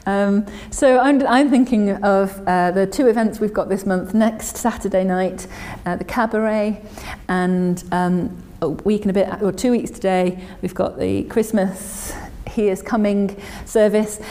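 A woman's voice: mid-range voice, fairly even intonation, a little slow, hardly any pauses, mellow, in a large hall. A woman giving an informal, chatty sermon and reading scripture aloud, with many fillers and restarts. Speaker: church speaker.

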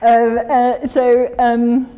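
A woman's voice: fairly high pitch, monotone, drawn-out words, warm tone, slight background noise. Chatty woman preaching in a reverberant hall. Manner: chatty, self-deprecating, many fillers and restarts. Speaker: church speaker. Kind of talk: informal sermon and scripture reading.

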